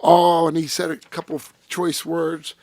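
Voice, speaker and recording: A man telling a story in a casual interview, profane and animated, acting out what people said. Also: a little high, measured pace, dry recording. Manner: profane, animated storyteller who acts out quotes. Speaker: interview guest.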